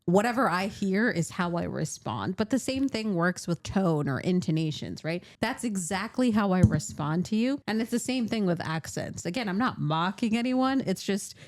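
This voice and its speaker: A woman's voice: medium pitch, animated, moderate pace, few pauses. A young adult woman co-hosting a podcast with her sisters. She talks in a reflective, casual way and hedges with fillers. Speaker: podcast co-host.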